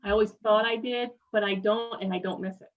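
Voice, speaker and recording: Woman, group member, muffled video call audio, earnest measured talk. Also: mid-range voice, steady tone. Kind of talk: casual chat on a video call.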